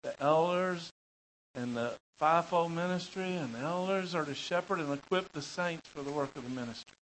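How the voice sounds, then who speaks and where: A male preacher delivers a sermon in a high, bright voice. He tells stories with lively energy and wanders off into rambling asides. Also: normal speed, slight background noise, poor audio. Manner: animated storytelling, rambling asides. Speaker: pastor.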